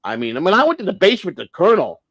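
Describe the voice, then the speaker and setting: A man's voice: high voice, sing-song, quick pace, fairly bright tone, dry recording. A man hosting a casual livestream, rambling and blunt, swearing freely and restarting his sentences. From United States. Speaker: livestream host.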